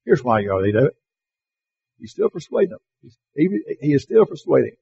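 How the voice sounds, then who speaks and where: Gravelly man teaching Bible class. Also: mid-range voice, sing-song, mellow, muffled recording. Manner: slow, emphatic reading of verses with questions to the class. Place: classroom or church hall with slides.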